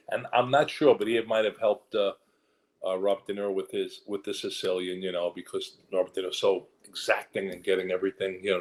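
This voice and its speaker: A man, an actor being interviewed, telling animated stories about his career. He rambles with restarts and asides and slips into voices to quote people. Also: low-pitched. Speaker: actor and guest.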